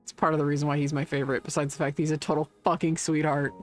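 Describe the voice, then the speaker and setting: A woman's voice: sits low, flat delivery, rapid-fire. Wry, sweary woman game streamer. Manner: reads game text aloud, wry and sweary. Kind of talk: casual gameplay commentary. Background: faint game music.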